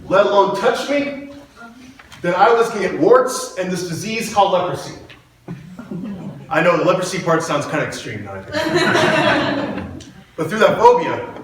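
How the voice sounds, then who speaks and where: A man's voice: sits high, a bit bright, a little hiss or hum. A man giving a storytelling motivational speech in a hall, playful and self-mocking, and he laughs often. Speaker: public speaker. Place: hall with an audience. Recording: echoey hall, mic far off.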